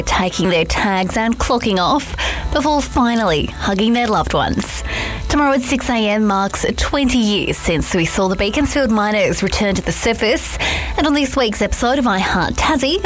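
A woman narrating a radio feature as host, in a measured, solemn storytelling manner. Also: medium pitch.

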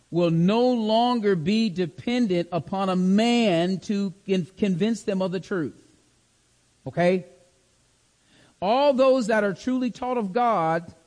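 High-voiced man teaching a sermon. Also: a little mellow, big-room sound. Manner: emphatic, repeats phrases, checks in with "okay?". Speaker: preacher. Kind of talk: sermon-style Bible teaching.

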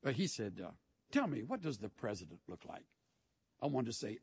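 A man's voice: mid-range voice, sing-song, moderate pace, a little mellow, a little hiss or hum. A man preaching a sermon as a pastor, telling stories in a folksy way with dry humor.

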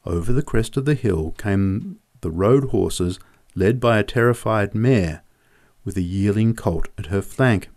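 Man, lowish voice, storyteller, vivid measured reading. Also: darkish tone. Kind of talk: reading a humorous memoir story aloud.

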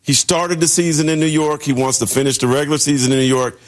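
A male basketball writer giving his analysis in conversation, laying out his points one by one in an animated way. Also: a little high, fast.

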